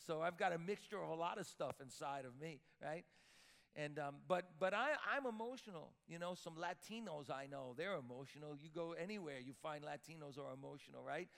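A man's voice: on the high side, fairly quick, vocal fry. A man preaching a sermon as pastor, emphatic, repeating words as he builds up. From Sicilian-Italian heritage. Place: church sanctuary with long reverb. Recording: reverberant church hall.

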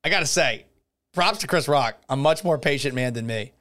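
A man's voice: mid-range voice, animated, normal speed, a bit bright. A man hosting a solo podcast, talking casually and sarcastically, ranting and swearing about the news. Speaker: podcast host.

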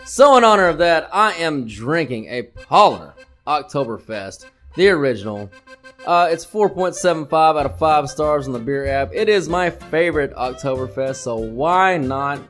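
A man's voice: a little high, expressive, normal speed, fairly bright tone, faint music behind. A man co-hosting a comedic sports betting podcast, brash and profane, telling mock-grand stories. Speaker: podcast co-host.

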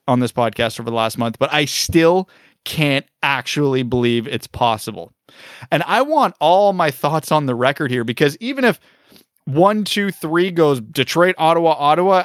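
A man's voice: a little high, dry recording, clean studio sound. A man co-hosting a hockey podcast, ranting heatedly and emphatically in casual talk. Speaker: podcast co-host.

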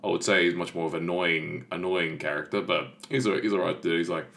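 A man's voice: low-pitched, fairly even intonation, fast talker, creaky, fairly bright tone. A man hosting a casual podcast, talking enthusiastically and rambling with many fillers. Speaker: podcast host.

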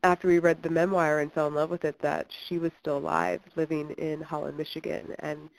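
Low-pitched kentucky woman, chatty interview guest, lots of ums and restarts. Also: flat delivery, brisk, gravelly, poor audio. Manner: chatty, many fillers and restarts, laughs often. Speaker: filmmaker guest. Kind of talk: interview conversation.

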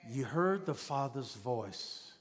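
A man's voice: mid-range voice, lively intonation, takes it slowly, husky, long reverb tail. A man preaching a sermon as pastor, with an emphatic, repetitive cadence.

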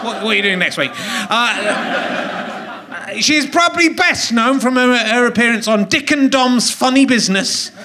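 A man's voice: very high voice, lively intonation, normal speed, a crowd in the background. An older man hosting a live comedy podcast on a theatre stage, teasing and jokey with his guest. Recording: live theatre recording with audience noise. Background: audience laughter.

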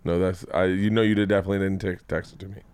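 A man hosting a podcast, jumping in with quick reactions and questions in casual chat. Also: low-pitched, little pitch movement, darkish tone, clear, resonant tone, no echo. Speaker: podcast host. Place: home podcast studio.

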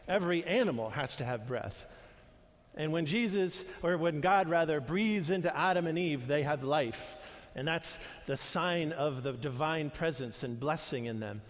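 Older male pastor in an echoing hall. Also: fairly high pitch. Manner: conversational, earnest, with restarts and asides. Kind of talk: sermon. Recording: long reverb of a large hall.

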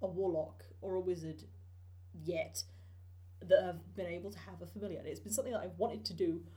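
A woman's voice: on the low side, fairly even intonation, a little fast, mellow. A woman co-hosting a casual podcast chat, chiming in with short replies and sheepish apologies. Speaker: podcast co-host. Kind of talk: casual chat about tabletop game content.

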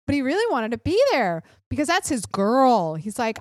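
A woman's voice: a little high, big pitch swings, a little fast, few pauses, a little mellow, no room sound, studio quality. A woman in her thirties hosting a political podcast, ranting bluntly and sarcastically with frequent swearing. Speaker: podcast host. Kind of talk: opinionated political podcast rant.

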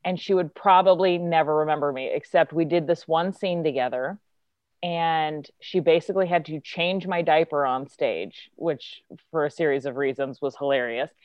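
A woman's voice: low-pitched, normal speed, no room sound, muffled recording. A woman actress, a guest telling a casual, chatty story and acting out the quotes. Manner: chatty, lots of filler likes, acts out quotes.

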